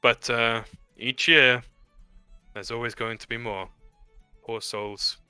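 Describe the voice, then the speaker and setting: A man narrating a tabletop game as game master, in a relaxed, chatty way with many fillers. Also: medium pitch, slow, clean tone, no echo, soft background music.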